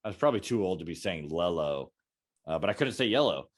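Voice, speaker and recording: Young male co-host, casual storyteller who keeps slipping into little character voices, lively delivery. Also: deep voice, quick pace. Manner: animated storyteller, acts out quotes in different voices. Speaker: podcast co-host. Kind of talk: casual chat.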